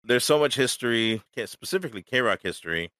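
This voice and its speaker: A man's voice: medium pitch, expressive, brisk, a bit bright, dry recording, studio quality. A man hosting a podcast, chatting casually and upbeat about radio clips. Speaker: podcast host.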